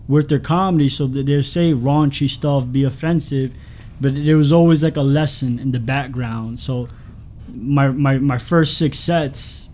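A man's voice: medium pitch, mellow. A man from the Bronx, a new stand-up comic guesting on a casual podcast, rambling through his story with crude jokes.

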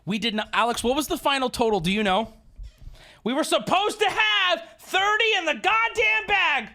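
A man's voice: very high-pitched, normal speed, vocal fry, bright, forceful tone. A man livestreaming, telling a story as a profane, sarcastic rant. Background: faint background music.

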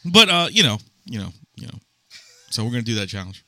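Halting, bright-voiced podcast co-host man. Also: mid-range voice, sing-song. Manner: halting, stops and restarts while explaining. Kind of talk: casual podcast banter.

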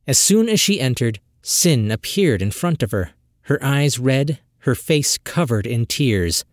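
A man's voice: mid-range voice, expressive, a little slow, dry recording, studio quality. A man narrating a fantasy short story as an audiobook, telling it expressively and dramatically.

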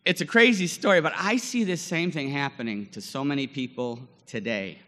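A man in his forties telling a lively story in a sermon, acting out scenes with many fillers. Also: on the high side, normal speed, in a large hall. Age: 40s. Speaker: guest chapel speaker.

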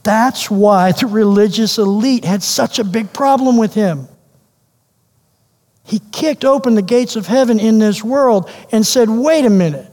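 A man preaching a sermon as pastor, animated and questioning, repeating phrases for emphasis. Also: high-pitched, measured pace. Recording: long hall reverb.

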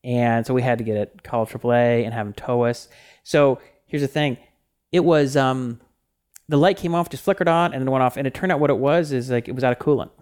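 A man's voice: medium pitch, steady tone, brisk, darkish tone, clear, resonant tone. Rambling male podcast co-host. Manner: rambling, full of fillers and restarts. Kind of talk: casual chat.

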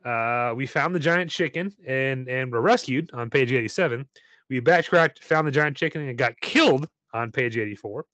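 Playful male reader of an adventure book, steady mid pitch, dry close sound. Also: moderate pace, dry recording. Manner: laughs and breaks off with asides. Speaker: reader of a choose-your-path book. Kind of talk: playful read-aloud narration.

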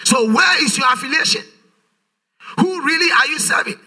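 A man's voice: very high voice, lively intonation, moderate pace, bright, forceful tone. A man preaching a sermon, emphatic and full of rhetorical questions, his voice rising in a sing-song way. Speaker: pastor.

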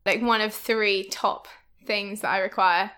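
A woman's voice: medium pitch, steady tone, unhurried, sharp tone. A woman guest in a casual podcast chat who laughs often.

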